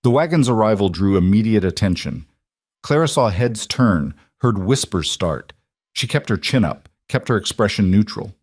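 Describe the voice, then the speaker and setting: A man narrating a western story in a measured, deliberate scripted reading. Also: low-pitched, darkish tone, no echo, studio quality.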